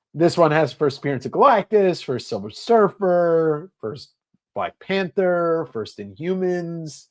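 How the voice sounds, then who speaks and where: A man's voice: on the high side, a little mellow. A man hosting a comic sale livestream in casual sales chat, rambling with lots of fillers.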